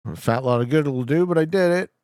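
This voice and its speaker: A man's voice: on the high side, fast talker, clear, resonant tone, no room sound, clean studio sound. A man from Canada streaming a game live, chatting casually and profanely with his viewers and getting worked up over his guesses. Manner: profane, excitable, joking banter with chat. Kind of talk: casual live-stream commentary while playing.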